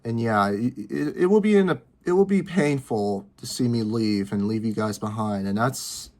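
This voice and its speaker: A man in his early twenties talking to camera from his bedroom, rambling and repeating himself with halting restarts. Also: medium pitch, a little mellow. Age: 20s. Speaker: vlogger. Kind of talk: personal talk to camera.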